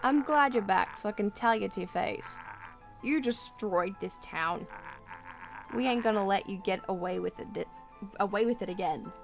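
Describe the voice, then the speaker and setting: An Australian woman voicing a furious, defiant male townsperson in a storybook game, shouting in rough, folksy speech. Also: medium pitch, fairly even intonation, takes it slowly, faint music behind.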